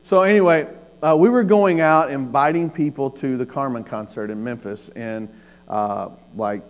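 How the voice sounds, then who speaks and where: A man, preaching a sermon and telling a personal story with lively, acted-out dialogue. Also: mid-range voice, moderate pace. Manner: storytelling, animated with laughs and acted-out quotes. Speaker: pastor.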